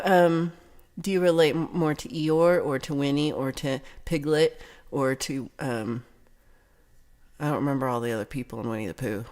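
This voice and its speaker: A woman with a low, darkish voice hosts a casual livestream chat. She reads viewer comments aloud, reacting with giggles and chatty asides.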